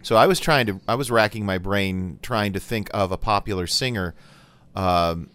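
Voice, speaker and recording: A man's voice: on the low side, moderate pace, fairly bright tone, clean tone. An older man in a casual panel chat, opinionated and often searching for his words.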